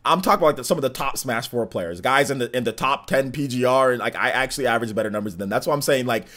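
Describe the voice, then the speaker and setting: A man's voice: mid-range voice, racing, a bit bright. A young man hosting a live stream, answering chat in a hyped, raised presentation voice and trash-talking playfully. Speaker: livestream host.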